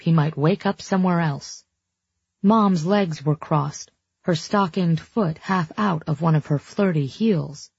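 Woman narrator, first-person novel; low, mellow, wry. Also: husky, no echo, lo-fi sound. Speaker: audiobook narrator.

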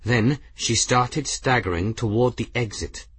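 A man narrating a story aloud with a steady, dramatic reading and a husky voice, close to the mic. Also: medium pitch, measured pace. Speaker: audiobook narrator. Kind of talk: scripted narration.

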